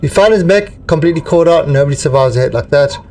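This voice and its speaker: Man reading a steady merc XO, reassuring briefing tone, mic a bit distant. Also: a little high, fast talker, natural voice. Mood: calm. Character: steady male mercenary executive officer.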